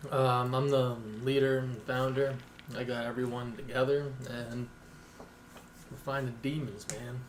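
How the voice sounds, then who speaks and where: A man leading a paranormal group, chatting on a podcast in a relaxed, joking way. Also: medium pitch, measured pace. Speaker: group leader. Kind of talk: casual podcast chat. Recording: echoey room, faint noise.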